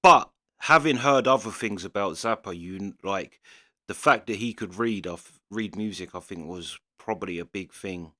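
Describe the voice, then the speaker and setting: A man's voice: lowish voice, normal speed, sharp tone, dry recording, clean studio sound. A man hosting a reaction video, musing casually and hesitantly with restarts. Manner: thinking aloud, hesitant, restarting sentences. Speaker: reaction channel host. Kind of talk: casual commentary.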